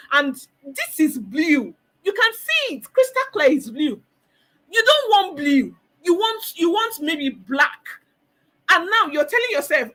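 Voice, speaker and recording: A woman's voice: high-pitched, sharp tone. A woman giving a motivational counseling talk, emphatic, repeating phrases and acting out the voices she describes. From Nigeria.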